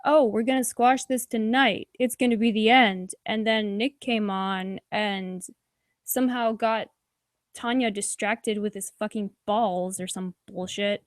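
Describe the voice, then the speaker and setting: A woman's voice: mid-range voice, steady tone, unhurried, dry recording, clean studio sound. A woman doing casual livestream commentary and reading her chat, rambling and swearing with lots of "like"s and sighs. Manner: profane, rambling, many "like"s and sighs. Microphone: desk microphone.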